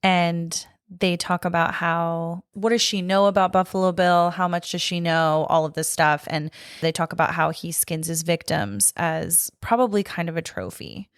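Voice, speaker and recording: A woman's voice: lowish voice, normal speed, hardly any pauses, smooth, no echo, clean studio sound. A young adult woman co-hosting a podcast, talking casually about a movie with lots of filler likes and the odd swear word. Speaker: podcast co-host. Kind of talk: casual film chat.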